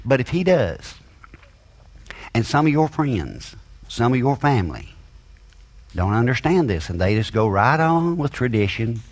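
A man delivers a sermon in a mid-pitched voice. His preaching rises and falls in emphasis. He talks plainly, with folksy grammar. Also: big pitch swings, measured pace, pauses often. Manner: emphatic, rising and falling preaching cadence.

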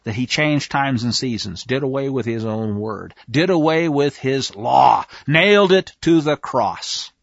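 A man giving a conversational Bible teaching, animated and emphatic, speaking straight to his listeners. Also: medium pitch, a little slow, vocal fry, hardly any pauses, dry recording. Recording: dull lo-fi dry recording.

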